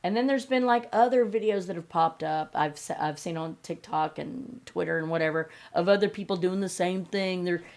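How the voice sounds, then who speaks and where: A woman's voice: lowish voice, normal speed, gravelly, hardly any pauses, a little mellow. A woman, hosting a podcast and ranting bluntly and sarcastically, with heavy swearing. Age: 50s. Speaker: podcast host. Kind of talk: angry opinion rant.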